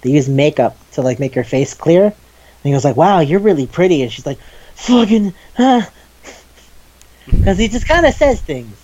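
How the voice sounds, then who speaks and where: A man co-hosting a casual chat about manga, animated, acting out scenes in quoted lines and swearing freely. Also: a little high, a little fast, muffled recording. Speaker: podcast co-host.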